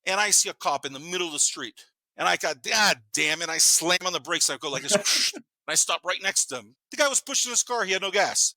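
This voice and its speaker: A man in his fifties, a podcast guest, telling rambling, animated stories in casual chat, swearing freely and laughing as he goes. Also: high-pitched, fast talker, no echo. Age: 50s. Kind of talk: casual storytelling.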